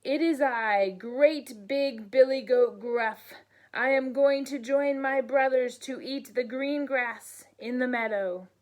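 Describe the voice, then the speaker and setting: A woman voicing a big, fearless male billy goat who announces himself loudly and confidently. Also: high-pitched, slow. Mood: bold.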